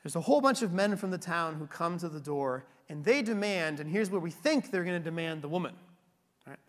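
A man's voice: fairly high pitch, animated, fairly quick, big-room sound. A man preaching a sermon, retelling a scripture story in a conversational way and checking in with frequent tag questions.

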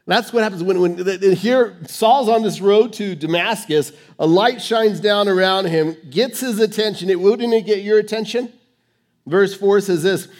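A male pastor preaching a sermon on stage under lights, sharing his testimony with dramatic swings between hushed and emphatic, rushing then slowing for key phrases. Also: high-pitched. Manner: fast rushed delivery, slowing for key phrases.

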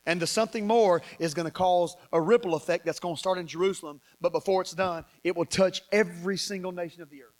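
A man with a Southern American accent preaching a sermon, reading scripture and joking with his congregation, swinging from loud to soft. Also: sits high, fast talker, hardly any pauses. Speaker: pastor.

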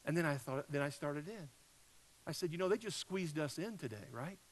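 A man preaching a sermon, telling a personal story in a conversational way, with loud peaks and soft drops. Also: fairly high pitch, animated, moderate pace, rough recording. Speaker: pastor.

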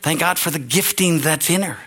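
An older man, a pastor, preaching an earnest, emotional sermon that swings from quiet to shouting. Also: fairly high pitch, fairly quick, slightly rough.

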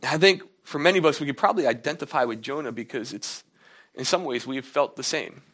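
A man's voice: fairly quick, fairly bright tone. A man preaching a sermon in a casual, conversational way, acting out quotes in a raised voice. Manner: conversational preaching, acts out quotes with rising pitch. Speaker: pastor.

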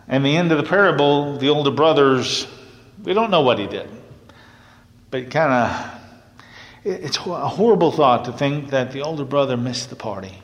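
A man's voice: medium pitch, lively intonation, moderate pace. A male minister giving a sermon in an earnest, conversational way, now and then laughing lightly. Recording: long hall reverb.

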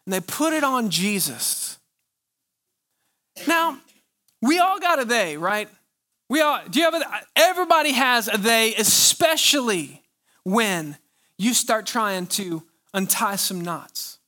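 Delivering a sermon in an extremely high, expressive voice that sounds pushed and bright, a male pastor presses his points with rhetorical questions and long, drawn-out pauses.

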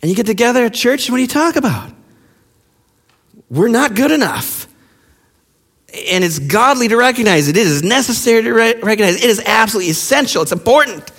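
Impassioned high-voiced man preaching in a hall. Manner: impassioned, with rhetorical questions and sudden hushed drops. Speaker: pastor. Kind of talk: sermon. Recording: long reverb of a large hall.

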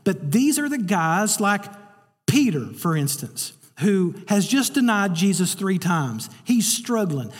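A man's voice: high-pitched, sing-song, measured pace, breathy edge. A man preaching a sermon, telling a story and acting out the voices he quotes. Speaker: pastor. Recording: reverberant hall.

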